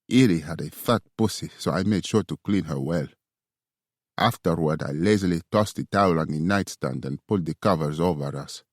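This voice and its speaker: A man giving a steady, even reading of first-person romance audiobook narration. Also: low-pitched, no room sound, clean studio sound.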